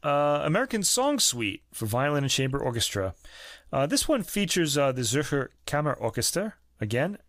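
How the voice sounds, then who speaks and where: A man's voice: on the high side, sing-song, normal speed, a bit bright, no echo. Chatty opinionated man, dry sound. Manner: chatty, jokey, opinionated, with lots of fillers. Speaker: podcast co-host. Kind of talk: casual music review chat. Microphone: podcast microphone.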